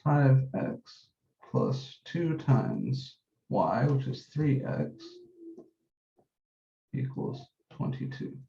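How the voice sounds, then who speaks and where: A man teaching a math class, working through each step methodically and repeating the key points, slowing down on the numbers as he writes. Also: mid-range voice, sing-song, creaky, warm tone. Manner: methodical, repeats key steps, says numbers slowly while writing. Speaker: math instructor. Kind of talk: classroom lecture. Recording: dull echoey classroom recording.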